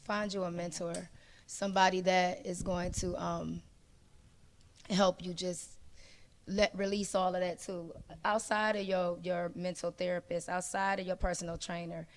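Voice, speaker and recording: A woman who is a guest on a panel talk, chatting casually and telling a personal story with animated energy, acting out the dialogue as she goes. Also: on the low side, a little slow.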